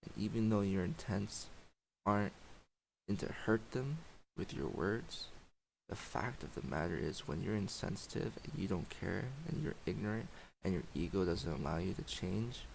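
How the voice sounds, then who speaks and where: Male streamer, low gravelly voice, heated profane rant with sighs, faint hiss on the mic. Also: expressive, normal speed, low-quality recording. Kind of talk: emotional livestream rant.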